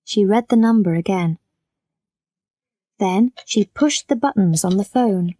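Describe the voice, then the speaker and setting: A woman narrating a graded-reader story for learners in a slow, clear, plain way. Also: medium pitch, warm tone, dry recording, studio quality.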